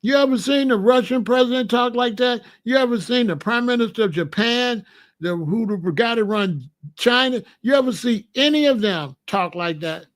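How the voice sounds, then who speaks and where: A man's voice: very high voice, lively intonation, normal speed. Guy ranting bluntly at his viewers, casual commentary. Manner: blunt, emphatic, talks straight to viewers.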